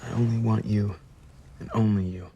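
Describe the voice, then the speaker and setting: An actor in a daytime soap opera playing a devoted young husband, earnest and reassuring. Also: male voice, on the low side, flat delivery, normal speed, dull audio, noisy background, close to an everyday voice. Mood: tender.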